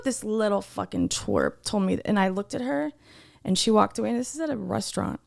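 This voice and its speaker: A medium-pitched, creaky voice moving a little fast belongs to a woman co-hosting a podcast. She relives a workplace story in casual, heated, animated fashion, swearing a lot along the way.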